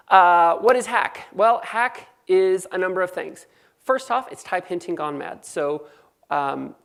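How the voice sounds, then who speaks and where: Californian woman, low gravelly voice, fast joking conference presenter. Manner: quick, joking, conversational. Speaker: conference speaker. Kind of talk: technical conference talk.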